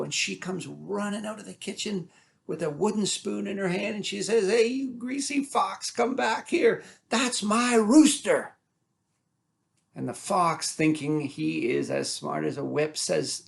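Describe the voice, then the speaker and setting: A man telling folk tales aloud, animated and dramatic, building up and dropping his volume. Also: fairly high pitch, creaky. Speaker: storyteller. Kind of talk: oral folk-tale storytelling.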